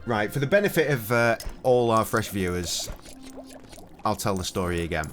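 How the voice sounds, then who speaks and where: A middle-aged man streams a video game from home, his fairly low voice animated and moderately paced, with faint music behind him. He tells stories through sweary, cheeky banter in casual commentary.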